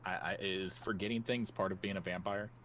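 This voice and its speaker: A man's voice: sits low, steady tone, a little fast, a bit bright, slight background noise. A man playing a tabletop role-playing game, joking and sarcastic in character. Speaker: player.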